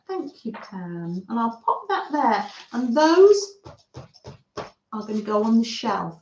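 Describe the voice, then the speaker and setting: A woman hosting a craft livestream, chatting to viewers and reading their messages aloud in a gushing, friendly way. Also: medium pitch. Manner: gushing, warm-hearted, reads chat aloud. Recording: roomy, slightly dull sound.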